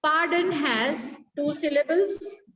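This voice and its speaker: Woman, high voice, phonetics lecture, step-by-step explaining. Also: slow, a bit bright, poor audio. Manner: explains step by step, checks understanding. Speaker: teacher.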